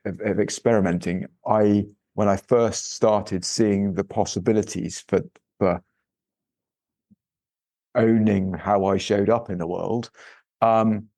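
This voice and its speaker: A man hosting a casual podcast, speaking in a reflective, halting way. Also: on the low side, dark tone, no echo. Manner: reflective, halting, frequent backchannels. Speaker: podcast host.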